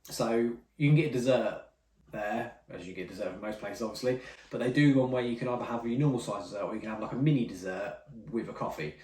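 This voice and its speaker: A whisky reviewer talks fast in a medium-pitched, slightly mellow voice, rambling casually through tasting notes and correcting himself along the way. The mic sits at some distance in a roomy space.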